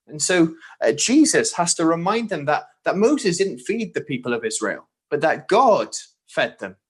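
A man's voice: fairly high pitch, big pitch swings, moderate pace, breathy edge. A man preaching a sermon, earnest and direct, often posing rhetorical questions to his listeners.

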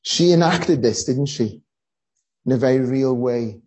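A preacher giving a sermon, telling a story earnestly with frequent pauses and fillers. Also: medium pitch, dark tone, husky, rough recording.

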